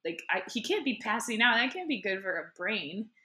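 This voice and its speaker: A woman's voice: mid-range voice, sing-song, brisk, bright, forceful tone. A woman in casual chat, telling a story animatedly, acting out voices and laughing often.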